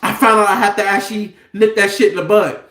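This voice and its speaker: A man's voice: high-pitched, fairly even intonation, quick pace, fairly bright tone. Fired-up guy going off on camera, lots of cussing and questions at you, room's kinda echoey. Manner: heated, profane, preachy rhetorical questions. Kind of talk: impassioned monologue to camera.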